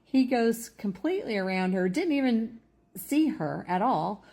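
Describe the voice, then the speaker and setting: A woman calmly telling a story in a measured way, with a few hesitations. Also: on the high side, husky. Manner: calm, measured, some hesitations. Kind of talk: casual storytelling.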